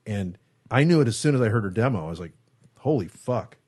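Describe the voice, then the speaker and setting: A man with a fairly low voice tells a long story as a guest in a studio interview. He talks casually and swears often. He acts out what people said in the story. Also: fairly quick, breathy edge. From San Francisco Bay Area. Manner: animated storyteller, acts out quotes, swears freely. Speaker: guest guitarist.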